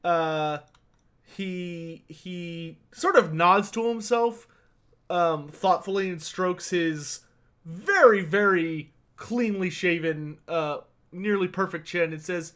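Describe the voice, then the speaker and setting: A man's voice: sits high, slow pace, a bit bright. A man running a tabletop role-playing game as game master, narrating casually with plenty of fillers.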